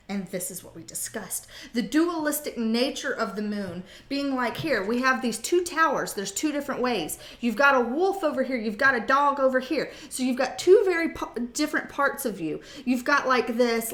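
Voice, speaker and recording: A woman's voice: high-pitched, fairly bright tone, echoey room. A woman doing a casual live tarot reading, chatty and jokey, rambling and swearing freely. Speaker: tarot reader.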